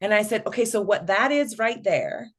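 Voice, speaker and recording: A woman's voice: mid-range voice, lively intonation, normal speed. A middle-aged woman, a guest on an interview podcast, telling a family story and acting out the dialogue.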